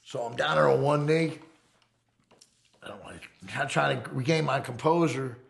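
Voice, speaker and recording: A man's voice: medium pitch, normal speed, vocal fry. A man telling a wild story from his past in casual, profane street talk, often checking in with "right?". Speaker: documentary interviewee. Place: fireside.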